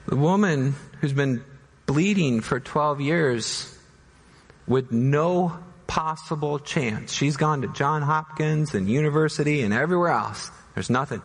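A male pastor preaching a dramatic sermon, voicing doubters in high anguished tones and dropping to soft, slow pleas. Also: husky. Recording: long hall reverb.

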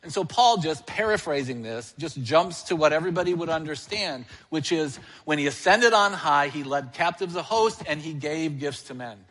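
A man's voice: a little high, lively intonation, moderate pace, hardly any pauses, a bit bright, in a large hall. A male church elder preaching a sermon, asking the congregation questions and answering them himself.

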